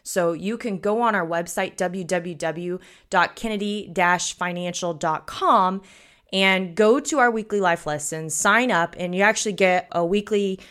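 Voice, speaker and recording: A woman's voice: fairly low pitch, measured pace, fairly bright tone. A woman in her thirties from the United States hosting a podcast, telling stories in a chatty, folksy way with frequent chuckles. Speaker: podcast host. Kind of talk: casual podcast talk, storytelling.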